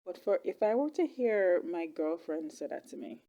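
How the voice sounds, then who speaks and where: Woman, reaction host, casual chat, lower-pitched, animated. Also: moderate pace, creaky, lo-fi sound. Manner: chatty, animated, laughs easily.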